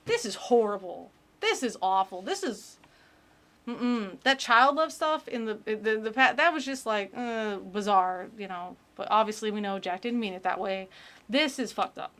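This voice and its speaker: A woman's voice: mid-range voice, animated, moderate pace, a bit bright. A woman giving casual comedic commentary on a book. She is incredulous, profane and rambling.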